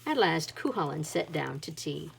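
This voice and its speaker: A woman reading a folktale picture book aloud in an expressive storybook style, with dramatic rises and drops. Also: deep voice, moderate pace, creaky, husky. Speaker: read-aloud narrator.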